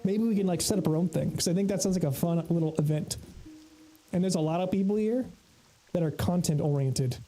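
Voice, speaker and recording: A man's voice: sits high, a little fast, mellow, faint music behind, rough recording. An American man streaming a game, chatting loosely, swearing freely and laughing often. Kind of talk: casual gaming livestream commentary.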